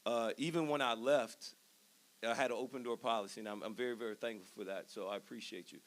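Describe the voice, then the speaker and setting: A man's voice: mid-range voice, steady tone, fast talker. A man in his thirties giving an earnest, emphatic induction speech from a ceremony stage. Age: 30s. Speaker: hall of fame inductee.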